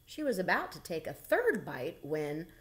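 A woman reading a children's picture book aloud in a gentle, unhurried way. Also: lowish voice, huge pitch swings. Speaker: storybook reader. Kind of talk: children's story read-aloud.

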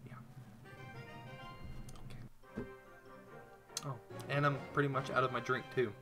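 A man's voice: medium pitch, little pitch movement, a little slow, pauses often, pushed and bright, faint music behind. A young man giving rambling, self-mocking live commentary while playing a mobile game. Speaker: gaming YouTuber.

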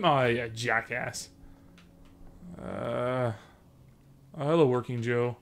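A man's voice: medium pitch, fairly even intonation, slow, creaky, pauses often. Jumpy gamer guy. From Sudbury, Canada. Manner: jokey, swears, panics and yelps when scared. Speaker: let's play host. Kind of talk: horror gameplay commentary.

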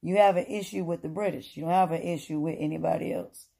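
A woman's voice: low-pitched, fairly even intonation, quick pace, gravelly, warm tone. A woman giving an emphatic, repetitive opinion monologue, lecturing her listeners in casual speech.

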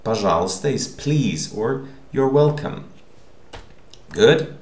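A man teaching a language lesson, repeating words slowly and checking in with the listener. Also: mid-range voice, animated, darkish tone. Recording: echoey room.

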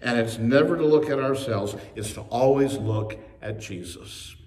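A male pastor preaching a sermon with emphasis, slowing on key phrases and speeding through asides. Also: medium pitch, a little mellow. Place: church sanctuary. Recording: echoey church from a distance.

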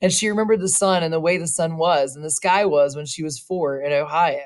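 A woman reading a short story aloud, slow and expressive, now and then adding casual asides. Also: deep voice. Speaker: reader.

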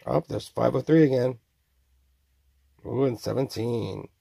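A man's voice: mid-range voice, creaky, warm tone, breathy edge, no echo. A man in his forties rambling to himself in a self-recorded monologue, mumbling and stretching out his exclamations. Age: 40s. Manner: mumbling, drawn-out exclamations, voicing imagined tormentors.

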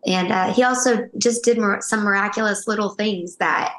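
A woman's voice: medium pitch, moderate pace, fairly bright tone, slight background noise. Earnest emotional woman in a roomy space. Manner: emotional, earnest, rambling with restarts. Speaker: guest. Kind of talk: candid interview storytelling. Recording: roomy echo.

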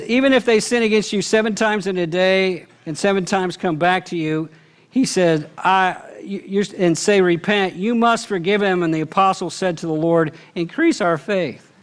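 A man preaching a sermon as pastor, telling a story earnestly and swinging between animated and hushed delivery. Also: high-pitched, a little slow, clean tone. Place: church auditorium.

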